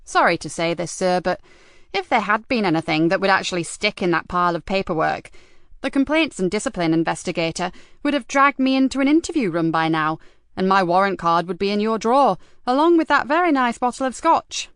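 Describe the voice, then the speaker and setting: A woman narrator voicing a sharp-tongued, weary female police inspector who answers back with sarcasm and defiance. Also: mid-range voice, lively intonation, fairly quick, smooth, no echo, studio quality, natural voice. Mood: sarcastic.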